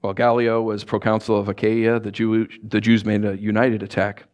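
Casual, animated male preacher. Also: fairly low pitch, moderate pace. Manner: informal, animated, laughs often, acts out quotes. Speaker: pastor. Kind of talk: casual conversational sermon.

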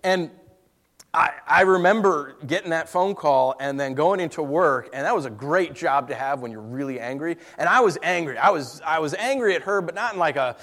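A man preaching a sermon, telling a personal story in an emotional way that swings between hushed and raised. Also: a little high.

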